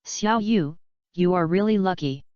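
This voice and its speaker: A woman's voice: lowish voice, a little slow, a little mellow, clear, resonant tone, no echo, lightly acted. Woman reading as a scheming male teacher. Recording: dull lo-fi recording.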